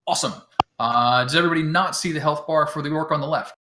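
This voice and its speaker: A man with a slightly high voice runs a tabletop game from home over voice chat. He talks in a loose, relaxed way, full of fillers, and often chuckles as he explains the rules to his players. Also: fast, background noise. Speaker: game master.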